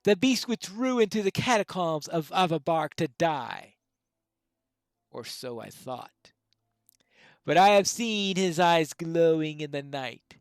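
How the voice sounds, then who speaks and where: A woman voicing a grieving widow haunted by a beast, reading game dialogue in a solemn, hushed way. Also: low voice, expressive, takes it slowly, dry recording, full character voice. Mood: grave, pleading.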